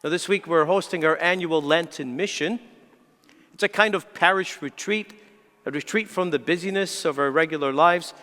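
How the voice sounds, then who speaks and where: Male priest, earnest homily, slightly high voice, church reverb. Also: moderate pace, bright, forceful tone. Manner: earnest preaching with emphatic rises. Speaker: parish priest. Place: large church.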